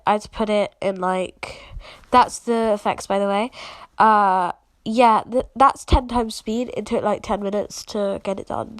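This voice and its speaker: A woman talks viewers through her editing in a loose, chatty way, full of fillers and apologies. She is sick and congested, with a cough. Her voice sits at a middle pitch and sounds dry, with no room around it. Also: no room sound. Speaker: video creator showing her editing process. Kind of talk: casual screen-recording walkthrough.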